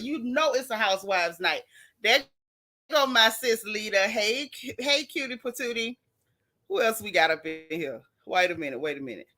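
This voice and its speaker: Sassy lady dishing on reality tv, bright kinda high voice. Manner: sassy, animated, reads chat aloud. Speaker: show recap host. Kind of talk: casual gossip commentary.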